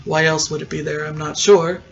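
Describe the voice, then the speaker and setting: A man's voice: on the high side, level tone, vocal fry, dull audio. A man hosting a podcast, casually recapping a TV episode and acting out bits of dialogue as he goes. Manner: retells scenes with quick quoted voices, chatty. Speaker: podcast host.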